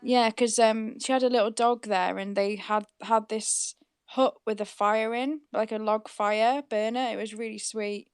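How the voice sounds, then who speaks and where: Woman from Newcastle, giggly guest, fairly high voice, dry and close. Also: steady tone, a little slow, smooth, dry recording. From Newcastle, England. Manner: bubbly, giggly. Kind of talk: casual chat.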